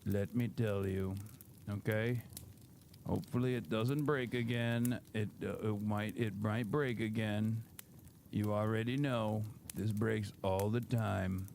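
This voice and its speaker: A man's voice: fairly low pitch, fairly even intonation, slow pace, vocal fry, a little mellow, a little hiss or hum. A man hosting a live stream with casual, sarcastic, profane commentary that often rambles. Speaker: streamer host.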